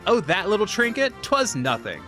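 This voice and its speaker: A man's voice: sits high, huge pitch swings, normal speed, sharp tone, soft background music, voice pushed up, full character voice. A man voicing a pompous young nobleman, reading game dialogue aloud in a posh, prattish voice. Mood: boastful.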